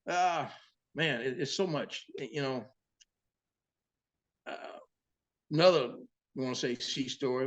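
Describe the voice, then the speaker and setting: A boat captain, a man, telling sea stories in a casual, profane, animated way as an interview guest. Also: medium pitch. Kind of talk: casual storytelling.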